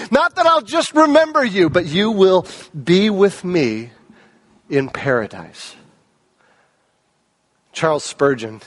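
High-voiced, animated man preaching. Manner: animated, swings between hushed lows and raised emphatic peaks. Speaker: pastor. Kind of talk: sermon.

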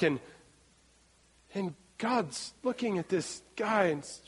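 A man in his thirties preaching a sermon in an animated way, acting out scenes and repeating words as he goes. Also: high voice, slow, long pauses, breathy edge. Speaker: pastor. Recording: long hall reverb.

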